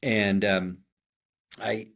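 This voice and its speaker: A middle-aged man from Chicago with a Chicago accent, a podcast co-host telling stories in an animated, self-deprecating way with frequent restarts. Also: on the low side, very slow, vocal fry. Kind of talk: conversational storytelling.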